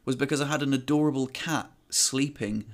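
A man's voice: medium pitch, fairly quick. A man co-hosting a podcast, telling a self-mocking anecdote in casual chat. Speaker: podcast co-host. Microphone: headphones on, podcast mic.

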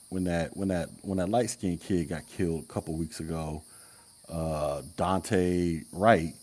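A man's voice: sits low, a little mellow. A man hosting a casual commentary podcast, talking bluntly in heavy slang, laughing often and answering chat comments. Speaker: podcast host.

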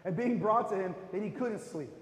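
A man's voice: high-pitched, normal speed. A male pastor preaching a sermon in a casual, conversational way with filler words. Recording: echoey hall reverb.

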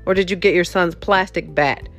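Dry sarcastic telemarketer lady, woman doing the bit, low and flat. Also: moderate pace, soft background music, natural voice. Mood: snide. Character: bored, snide woman telemarketer.

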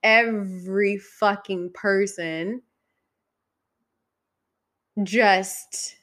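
A woman telling stories in a frank, profane, casual monologue, jumping between loud outbursts and quiet, trailing asides. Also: medium pitch, fairly even intonation, very slow. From San Diego area.

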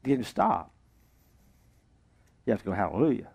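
A man's voice: lowish voice, brisk, gravelly, slightly rough. A male pastor preaching a sermon to a congregation, telling a joke with acted-out voices. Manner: animated storytelling, jokes and acted-out voices. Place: church service with congregation.

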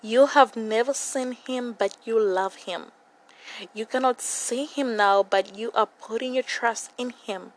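Young woman, slightly high voice, earnest devotional speaker who repeats herself for emphasis. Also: a little slow, poor audio. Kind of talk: devotional Bible reflection.

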